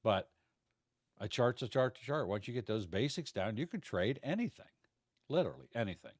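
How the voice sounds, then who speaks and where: A man's voice: mid-range voice, very animated, a little fast, dry recording, studio quality. A middle-aged man teaching futures trading on a livestream, talking casually in a folksy, rambling way and stumbling over words now and then. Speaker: trading instructor.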